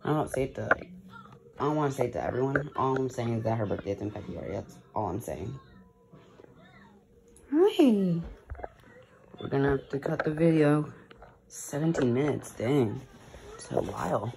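A woman's voice: extremely low pitch, lively intonation, a little fast, gravelly, background noise. A woman vlogging casually, chatting and coaxing her dogs at home and then out on a walk. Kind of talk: casual vlog chat.

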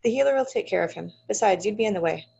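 A woman reading the lines of a calm, distracted young male sorcerer who speaks in short, measured questions. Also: mid-range voice, creaky, husky, highs cut off, full character voice. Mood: terse.

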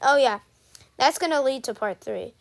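A woman with a high, light voice chats casually through her gameplay. She is playful and keeps turning to her viewers, like a streamer recording a video. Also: lively intonation, moderate pace, creaky. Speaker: gaming streamer.

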